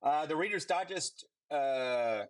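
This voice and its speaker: A man in his forties with a light South African accent, a pastor telling his story as a guest in a friendly, relaxed way. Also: a little high, slow. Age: 40s. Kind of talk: conversational interview answer.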